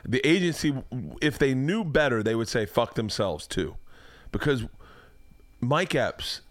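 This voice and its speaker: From a man cave at home, a podcast host casually chats and tells stories, laughing and cursing freely along the way. His mid-range voice is expressive and unhurried, with no echo.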